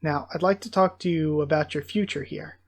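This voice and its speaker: Border captain, male, steady and reassuring, read by a man, light pitch. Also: fairly quick, close to an everyday voice.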